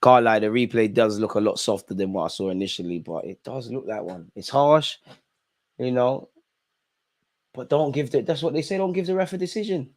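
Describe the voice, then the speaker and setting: A man's voice: mid-range voice, fairly quick, darkish tone. A young man hosting a live football watch-along, reacting to the match in an exasperated way and talking straight at the players and the referee.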